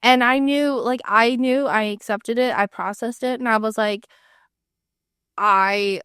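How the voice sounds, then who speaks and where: A woman's voice: on the high side, steady tone, measured pace, a bit bright, smooth, no room sound, studio quality. A woman co-hosting a podcast, talking bluntly and matter-of-factly. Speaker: podcast co-host. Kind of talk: candid conversational podcast.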